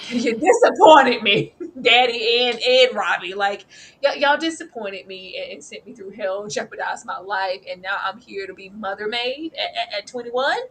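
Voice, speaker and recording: A woman co-hosting a casual TV episode review, expressive and slangy, laughing as she talks to her chat. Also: mid-range voice, normal speed, slight background noise.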